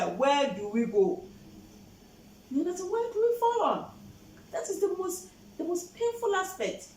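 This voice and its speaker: A woman's voice: high voice, echoey room, far from the mic, a little hiss or hum, low-quality recording. A Ghanaian woman hosting a show, passionately explaining the law and switching between English and Twi. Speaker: host.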